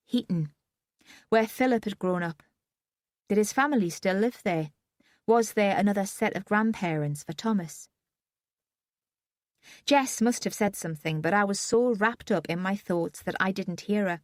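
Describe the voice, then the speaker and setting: A woman's voice: lowish voice, moderate pace, dry recording, studio quality. A woman reading a first-person audiobook in a subdued, wry manner. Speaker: audiobook narrator.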